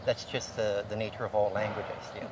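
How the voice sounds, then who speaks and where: A man's voice: on the low side, little pitch movement, darkish tone, a little hiss or hum. Patient male language teacher, distant mic. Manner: patient, explains slowly with many "uh" fillers. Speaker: Chamorro language instructor. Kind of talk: conversational language lesson.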